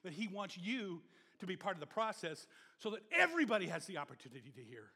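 A male pastor preaching a sermon in an animated way, swinging from loud exhortation to low murmurs and prompting the congregation to repeat words after him. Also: fast talker, breathy edge, long reverb tail.

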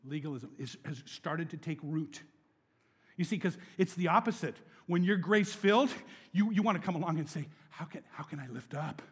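A young adult man preaching a sermon as pastor, animated, moving between hushed scripture reading and loud, laughing emphasis. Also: on the high side, normal speed, slightly rough, big-room sound.

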